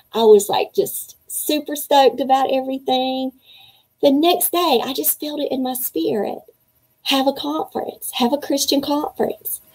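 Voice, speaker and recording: A middle-aged woman hosting a virtual writing conference, telling her story in an emotional, faith-filled, excited way. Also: on the high side, rough recording. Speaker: conference organizer and host. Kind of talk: welcome speech to a virtual conference.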